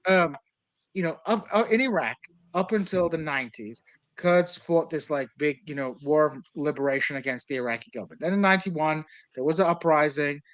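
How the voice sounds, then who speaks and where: A man of Kurdish background argues politics in long, winding stretches, full of fillers and restarts. His voice sits a little high for a man. The sound is dry and close, with no room around it. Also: fairly quick, fairly bright tone, no room sound, rough recording. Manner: discursive, argumentative, many fillers. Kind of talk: casual political discussion.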